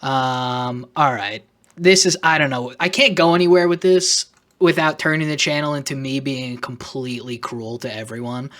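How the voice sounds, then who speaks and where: A man's voice: mid-range voice, steady tone, moderate pace, fairly bright tone. A man making an off-the-cuff vlog, talking sarcastically and rambling, with self-conscious asides. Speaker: YouTuber.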